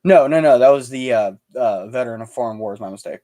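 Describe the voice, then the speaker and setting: A man's voice: mid-range voice, fast talker, warm tone. A man hosting a casual livestream chat, telling stories with stumbling restarts. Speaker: livestream host.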